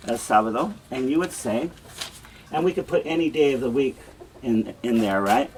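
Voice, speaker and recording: A man teaching a beginner language lesson in a classroom, patiently repeating example phrases slowly. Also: mid-range voice, a little hiss or hum. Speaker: Spanish teacher.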